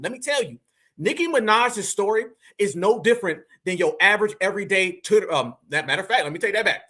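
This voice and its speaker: A man with a very high, piercing voice delivers heated online commentary straight to his audience. He talks in emphatic slang and keeps calling his viewers fam and y'all. The tone is sharp and forceful. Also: slightly rough. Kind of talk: opinionated commentary.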